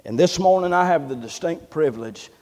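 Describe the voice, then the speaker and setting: A man's voice: fairly high pitch, lively intonation, brisk, darkish tone, in a large hall. A man preaching a sermon, emphatic and repetitive, calling for amens from the congregation. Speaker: pastor.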